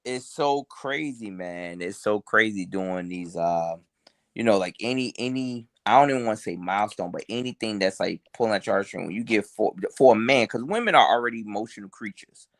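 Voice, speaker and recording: A man's voice: lowish voice, brisk, no echo, studio quality. A man in his forties co-hosting a podcast, laid-back and reflective in slangy casual chat. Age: 40s. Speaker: podcast co-host.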